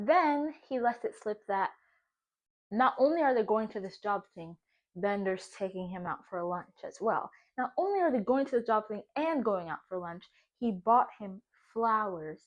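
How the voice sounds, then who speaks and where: A young woman in her twenties, a vlogger, tells a dramatic story in casual chat from her home kitchen. Her fairly high voice is animated and full of exclamations.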